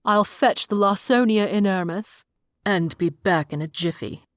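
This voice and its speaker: A woman's voice: medium pitch, unhurried, no room sound, clean studio sound, lightly acted. A woman voicing a playful, theatrical male wizard in an audiobook. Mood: teasing. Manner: teasing, theatrical.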